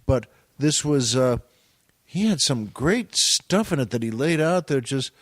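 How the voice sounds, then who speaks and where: A man's voice: medium pitch, lively intonation, measured pace, no echo, studio quality. A man, a comedian and actor guesting on a podcast, telling show business anecdotes in a rambling, self-deprecating way with plenty of restarts.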